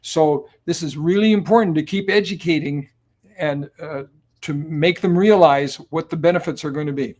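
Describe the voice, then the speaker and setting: An older man in his seventies, a guest on an interview show, recounts stories in a loose, relaxed way, pausing on plenty of ums and uhs. His voice sits a bit higher than most men's. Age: 70s. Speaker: guest, company cofounder. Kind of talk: conversational storytelling.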